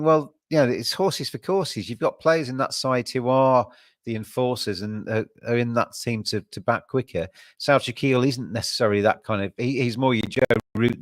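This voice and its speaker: A man hosting a podcast, talking in a measured way with frequent ums and restarts. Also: medium pitch, dry recording, studio quality. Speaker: podcast host. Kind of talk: casual podcast chat.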